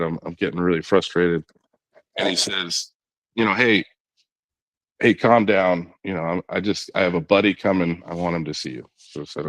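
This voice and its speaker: Here the podcast guest is a middle-aged man who once threw knuckleballs, and his voice is very deep and low. He spins a lengthy tale easily, sprinkling in "you know" and quoting others in his own voice. Miked close and dry, the audio has no echo or room sound at all.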